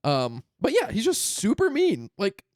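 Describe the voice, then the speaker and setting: A man co-hosting a podcast in casual chat, blunt and quick to laugh. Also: high-pitched, huge pitch swings, darkish tone, no room sound, studio quality. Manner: laughs often, blunt opinions. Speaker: podcast co-host.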